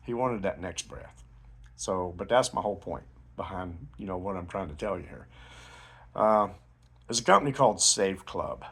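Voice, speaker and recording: Husky low-voiced man telling a story. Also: animated, normal speed, a bit bright. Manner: rambling storyteller, many fillers and restarts. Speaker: network marketing promoter. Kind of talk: casual motivational talk.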